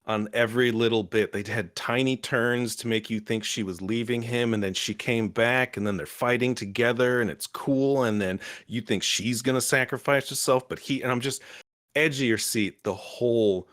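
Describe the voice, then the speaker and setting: A man's voice: normal speed, dry recording, clean studio sound. A young man on a podcast, recapping with emotion, swearing often and acting out quoted lines. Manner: excitable, swears often, acts out quotes in shifting pitch. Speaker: podcast co-host reviewing a show.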